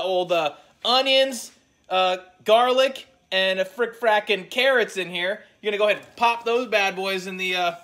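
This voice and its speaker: A man's voice: sits high, fairly bright tone. A young man hosting a casual home cooking video in his kitchen, joking and rambling with lots of fillers. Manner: joking, rambling, lots of fillers and "you know what I mean". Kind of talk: casual cooking show chat.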